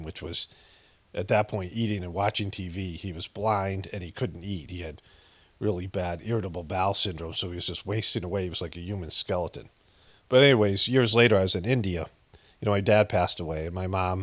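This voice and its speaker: A man's voice: deep voice, dry recording. A middle-aged man casually telling a personal story, rambling with many fillers and restarts, frank and sometimes profane. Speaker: meditation practitioner telling a story.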